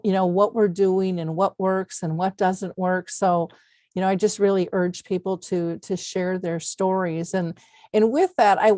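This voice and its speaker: A woman's voice: mid-range voice, a little mellow, no room sound, studio quality. A middle-aged woman hosting an interview podcast, telling personal stories in an earnest, heartfelt way with many fillers. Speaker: podcast host. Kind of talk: conversational interview.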